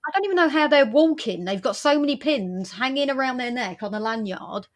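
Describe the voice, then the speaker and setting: A woman's voice: sits high, animated, fairly quick. A woman co-hosting a casual chat, reacting expressively.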